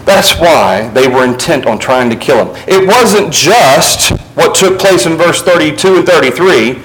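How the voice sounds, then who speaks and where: A man delivering a sermon in a somewhat high voice, reading scripture and then unpacking it. He sinks low and quiet to stress a point and climbs higher when quoting. A faint ambient hum sits under the voice. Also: lively intonation, low-quality recording. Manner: expository, reads scripture aloud and explains it; shifts between low, quiet emphasis and raised, quicker passages. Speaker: preacher.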